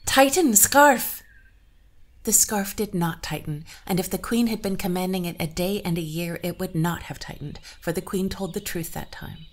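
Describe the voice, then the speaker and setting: A woman narrating an old folktale and adding her own commentary, in a measured, even way. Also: on the low side. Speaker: storyteller and podcast host.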